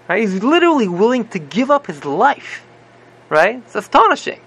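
A male teacher retells a story in a lively, casual class, tagging nearly every sentence with "right?" and restarting often. His voice is high, gravelly and bright. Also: normal speed. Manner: animated, repeats "right?" constantly, many restarts. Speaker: religious teacher.

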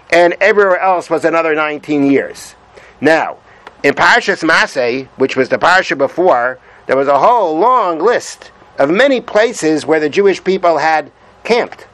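Here a Torah teacher works through Hebrew sources, reading them out and translating, patient in his explanations and repeating key points. He has a fairly bright, somewhat high voice, and the audio is poor.

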